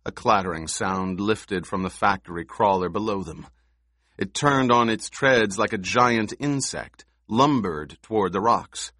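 A man narrating an audiobook with steady, even storytelling. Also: fairly low pitch, a little slow, no echo, studio quality. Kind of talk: scripted narration.

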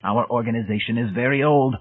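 A man's voice: mid-range voice, a little fast, voice pushed up, lightly acted. A man voicing a tiny, timid old male preacher with a thin, quavering, whining voice. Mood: grudging. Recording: tinny phone-like band.

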